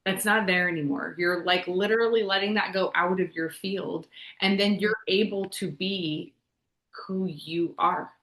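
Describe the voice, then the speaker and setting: A woman's voice: lowish voice, steady tone, measured pace, fairly bright tone. A woman co-hosting a podcast over a video call, talking in a casual, reflective way and building on her partner's points. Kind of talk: casual conversational podcast chat. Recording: roomy, echoey video call audio.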